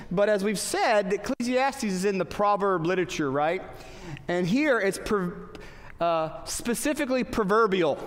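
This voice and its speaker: A man preaching a sermon in an earnest, halting way with many fillers, in a church hall. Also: high-pitched. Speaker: pastor. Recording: long hall reverb.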